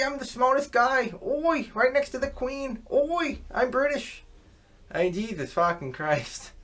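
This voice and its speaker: A young man, a YouTuber, ranting to camera in a rambling, scornful way and swearing constantly. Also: mid-range voice. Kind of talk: profane rant to camera.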